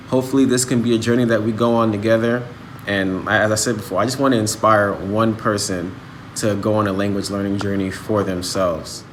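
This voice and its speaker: A man's voice: medium pitch, a bit bright, slight background noise. A young man from Nigeria hosting a language-learning channel, talking earnestly and persuasively to camera in a casual vlog monologue. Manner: earnest, persuasive, rising in intensity when making a point.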